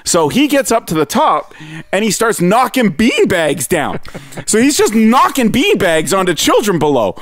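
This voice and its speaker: A man spins a comic story in loose chat, swearing freely. His voice sits high and leaps up and down. He talks with constant energy. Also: normal speed. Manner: animated, swears freely, acts out other people's voices. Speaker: podcast co-host telling a story. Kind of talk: casual comedic storytelling.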